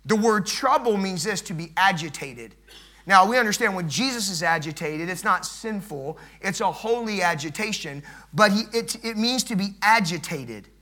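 High, bright-voiced preaching pastor. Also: male voice, expressive, normal speed. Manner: dynamic preaching, swinging from loud emphatic build-ups to hushed low passages. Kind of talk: sermon.

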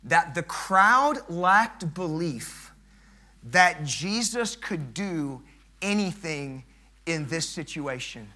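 A man preaching an evening sermon, emphatic and repetitive, swelling loud and dropping soft. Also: fairly high pitch, big pitch swings, very slow.

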